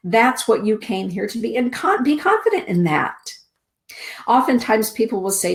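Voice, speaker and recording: A middle-aged woman hosting a spiritual show, reading oracle cards aloud in a soothing, deliberate way. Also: on the high side, sing-song. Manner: slow, soothing, deliberate delivery with drawn-out words. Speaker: host giving oracle card readings.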